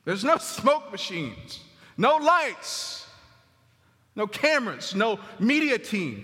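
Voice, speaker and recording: High, bright-voiced preacher in a reverberant sanctuary. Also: male voice, big pitch swings, slow. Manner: conversational preaching, repeats phrases for emphasis; drops to a soft near-murmur on tender lines. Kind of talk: sermon. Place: church sanctuary. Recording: long hall reverb.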